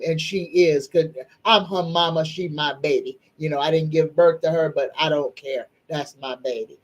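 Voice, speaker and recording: This low-quality clip features a middle-aged woman with a low voice, running a live psychic chat in a relaxed stream format. She sounds tearful and speaks softly while staying preachy, folksy, and emphatic.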